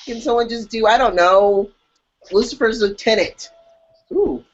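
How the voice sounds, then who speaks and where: A woman co-hosting a podcast in casual chat, animated and jokey, acting out her own reactions. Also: a little high, measured pace. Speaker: podcast co-host. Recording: dull lo-fi audio.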